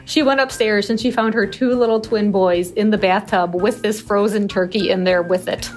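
A woman's voice: mid-range voice, fairly even intonation, moderate pace, soft background music. Amused woman telling a hotline story. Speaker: turkey hotline expert. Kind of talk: anecdote in an interview.

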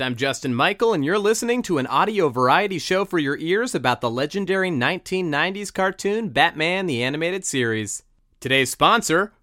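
A man's voice: a little high, bright, forceful tone, no echo, studio quality. A man hosting a comedic podcast, upbeat and jokey, sometimes slipping into a mock newscaster read. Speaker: podcast host.

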